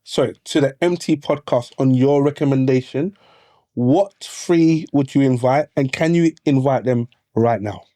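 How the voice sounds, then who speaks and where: A woman co-hosting a podcast, asking her questions slowly and deliberately. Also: a bass voice, mellow, dry recording, clean studio sound. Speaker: podcast co-host. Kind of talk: casual podcast interview.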